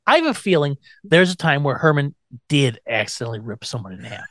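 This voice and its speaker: Podcast co-host, casual recap, laughs a lot, dry close mic, mid-pitched voice. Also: male voice, very animated, fairly quick, no room sound. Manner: laughs often, acts out quotes. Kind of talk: casual chat recapping an episode.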